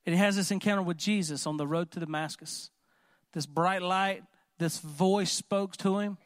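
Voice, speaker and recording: A man preaching a sermon in an animated, conversational way, often asking the congregation questions. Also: high-pitched, moderate pace, no echo, clean studio sound. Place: church.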